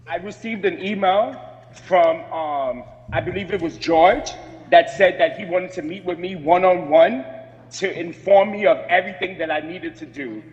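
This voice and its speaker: A man speaking up remotely at a community board meeting over a video call, aggrieved and insistent, halting with fillers. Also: high voice, darkish tone, big-room sound, lo-fi sound.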